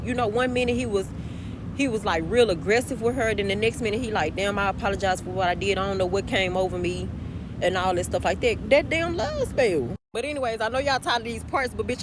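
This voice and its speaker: A woman, chatting casually to viewers and telling a story in an animated way, swearing as she goes. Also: a little high. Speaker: storytime vlogger. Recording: outdoor noise with passing vehicles.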